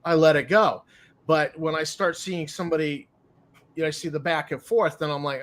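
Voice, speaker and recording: A man co-hosting a casual chat show, speaking in a measured way with frequent hesitations. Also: fairly high pitch, fairly even intonation, fairly bright tone. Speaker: podcast co-host.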